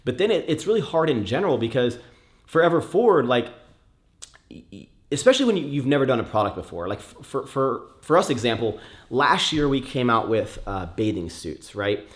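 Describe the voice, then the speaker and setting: A young man answering viewer questions in a casual chat, rambling with many fillers and restarts. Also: mid-range voice.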